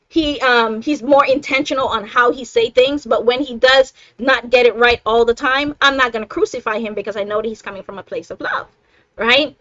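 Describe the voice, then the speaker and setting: A woman's voice: sits high, fairly bright tone, no echo, dull audio. A middle-aged woman hosting a live self-help stream, talking casually and emphatically, laughing often and checking in with "right?".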